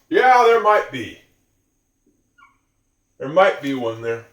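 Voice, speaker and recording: A man's voice: medium pitch, sing-song. Man teaching English in an echoey room. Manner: slow, repeats example sentences, musing asides. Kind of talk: explaining English to learners.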